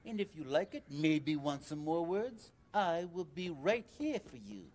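A man's voice: a little high, very animated, unhurried, darkish tone, slight background noise. A man voicing a shifty small-time street hustler with wheedling sales patter. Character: sleazy small puppet street hustler selling words.

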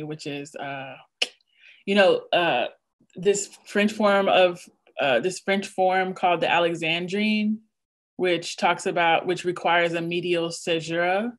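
Woman with a lowish voice giving a poetry lecture. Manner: measured, rhythmic delivery with list-like cadence. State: nervous. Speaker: poet giving a craft talk. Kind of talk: reading a prepared lecture on poetics. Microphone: video call.

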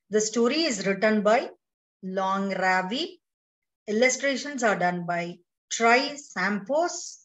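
A woman with an Indian English accent reading a picture book aloud to children. She speaks very slowly in a somewhat high voice and stops to explain each page. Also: distant mic, rough recording. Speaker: storyteller. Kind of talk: children's read-along narration.

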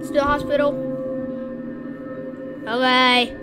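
High-pitched girl doing goofy gameplay commentary, blunt and excitable, little bit of music underneath. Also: extremely slow. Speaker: gamer.

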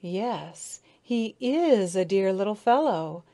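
A woman voicing a huge, predatory dragonfly in a storybook reading, calm and condescending. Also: medium pitch, measured pace.

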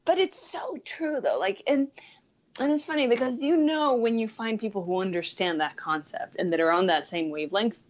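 A woman's voice: on the high side, expressive, moderate pace, muffled recording. A woman in her thirties, a guest career coach, chatting with enthusiasm and saying "like" often. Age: 30s. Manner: enthusiastic, chatty, many "like" fillers. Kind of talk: casual interview talk.

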